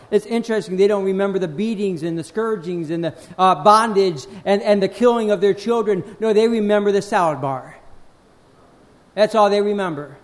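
A man preaching a sermon, reading scripture slowly and with weight, then dropping low to speak directly to the congregation, often repeating phrases. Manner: slows and swells on scripture, drops low on asides.

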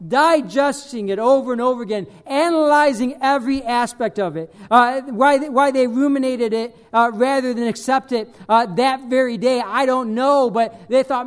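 Male pastor, high-pitched, emphatic sermon delivery with loud peaks and hushed asides. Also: fairly even intonation, moderate pace, few pauses, clean tone. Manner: emphatic preaching with sudden loud bursts and dropped quiet lines.

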